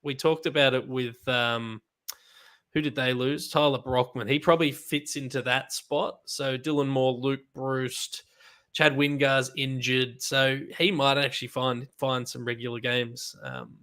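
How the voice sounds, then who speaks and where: A man with a mid-pitched voice co-hosts a casual football talk show. He explains points at an easy pace with a laid-back manner. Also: fairly even intonation, measured pace, fairly bright tone. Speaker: co-host. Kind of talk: casual footy chat.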